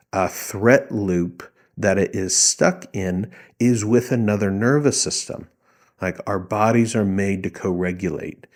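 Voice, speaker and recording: A man working as a therapist, explaining panic attacks in a calm teaching tone, slowing down to model a soothing voice. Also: on the low side. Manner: slows down and softens to model a soothing voice. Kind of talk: explaining psychology to camera.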